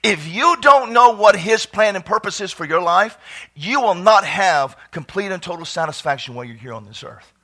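A man preaching a fervent sermon who breaks into shouted exclamations of praise. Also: high-pitched, lively intonation, moderate pace.

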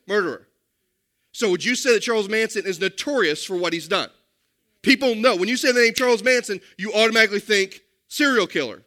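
Bright, high-voiced male pastor preaching. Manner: emphatic, addresses the congregation directly. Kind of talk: sermon.

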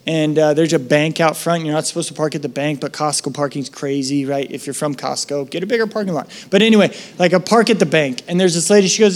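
A man pastor preaching a sermon, telling stories with lively acted-out voices and dropping soft for reflective moments and prayer. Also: on the high side, quick pace, hardly any pauses. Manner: animated storytelling, acting out voices in his anecdotes.

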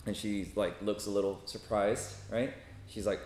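A man with a fairly low voice tells a story from his work as a hospital chaplain, talking casually to a group. He keeps checking in with listeners with a quick "right?" or "okay?". The recording has a roomy echo and a faint hum of ambience behind him. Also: a little mellow.

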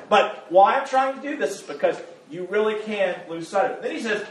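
A man with a high voice preaches a sermon, speaking in a loose, joking, conversational way. He often stumbles and repeats words as he builds his point. His voice rings in an echoey church room. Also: big pitch swings, a little fast, few pauses, a little hiss or hum. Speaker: pastor. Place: church sanctuary.

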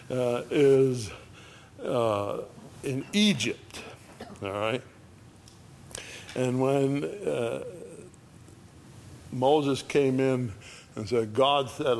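A man's voice: mid-range voice, a little mellow, a little hiss or hum. A man preaching a conversational sermon, reading scripture aloud with rising emphasis and acting out dialogue. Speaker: pastor.

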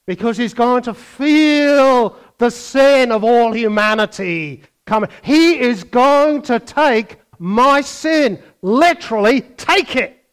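An older man preaching a sermon, animated, swinging between loud bursts and quiet asides and mimicking other voices. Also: extremely high pitch, slow pace, clear, resonant tone.

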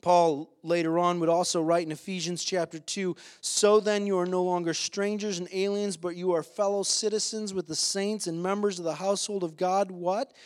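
A male pastor with a high-pitched voice delivering a sermon. He preaches with passion, climbing to emphatic peaks, and pauses on filler sounds between points. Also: steady tone. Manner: impassioned, rising to emphatic peaks, with frequent "uh" fillers.

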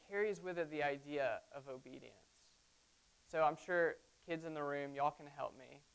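A woman's voice: low-pitched, smooth. A woman delivers a sermon from the pulpit. She keeps it conversational, tossing in frequent asides to the congregation. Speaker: pastor.

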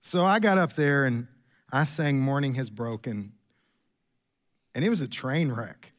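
A middle-aged man preaching a sermon in a church, an animated storyteller who jumps his pitch up for quoted lines. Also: measured pace. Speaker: pastor. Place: church sanctuary.

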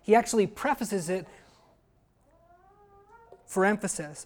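A man's voice: high-pitched, fairly even intonation, unhurried, long pauses. A male pastor preaching earnestly to his congregation. He drives each point home with emphasis and regularly calls out questions to the listeners. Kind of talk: sermon.

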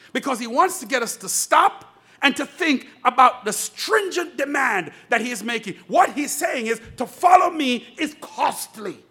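High, husky, fervent preaching man. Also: bright, forceful tone. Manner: fervent preaching, calls out to the congregation. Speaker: pastor. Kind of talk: sermon. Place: church pulpit.

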